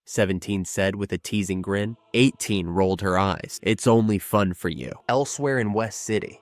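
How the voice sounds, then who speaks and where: A man's voice: on the low side, no echo. A man narrating a fan-made action story in a dramatic storytelling manner. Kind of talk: scripted narration.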